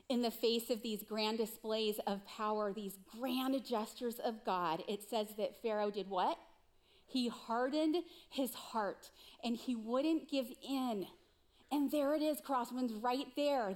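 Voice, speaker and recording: A woman's voice: fairly high pitch, darkish tone. A woman pastor preaching a sermon in an earnest, direct way, putting questions to the congregation.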